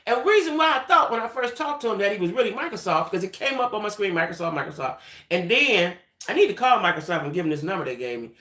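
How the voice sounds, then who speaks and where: An adult woman hosting a livestream, telling a story in a chatty, animated way and talking straight to her viewers. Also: medium pitch, fast. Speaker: livestream host. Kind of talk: casual storytelling chat. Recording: roomy echoey room.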